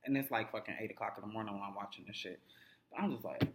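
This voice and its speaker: A man's voice: lowish voice, racing, very noisy. A young adult man casually recapping a TV episode, swearing constantly and acting out the characters' lines. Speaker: TV recap vlogger. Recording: echoey room.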